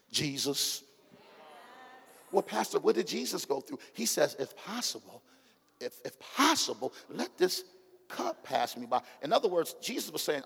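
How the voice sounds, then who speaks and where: A middle-aged pastor with an African American Vernacular English accent preaches in a high voice. He drops to a hush and builds to shouts, calling out to the congregation. The sanctuary gives his voice a long, ringing reverb. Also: vocal fry, breathy edge. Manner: call-and-response preaching, swings from hushed to shouting. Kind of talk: sermon. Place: church sanctuary.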